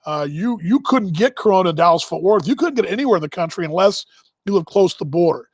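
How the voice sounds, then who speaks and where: A man's voice: high-pitched, lively intonation, fast talker, husky, dry recording. A man in his fifties from Texas, hosting a broadcast and telling casual, rambling stories with chuckling asides and self-interruptions. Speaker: broadcast host. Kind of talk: casual storytelling monologue.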